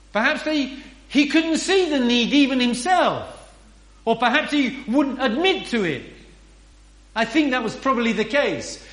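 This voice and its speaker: A man's voice: very high-pitched, fairly bright tone. A man preaching a sermon in an earnest, emphatic way, often asking rhetorical questions. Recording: roomy echo.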